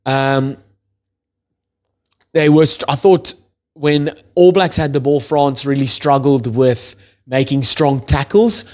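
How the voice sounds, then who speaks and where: A young man hosting his own channel, giving a casual, enthusiastic match review with loose, chatty phrasing and excited exclamations. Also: mid-range voice, takes it slowly, pauses often. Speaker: rugby channel host.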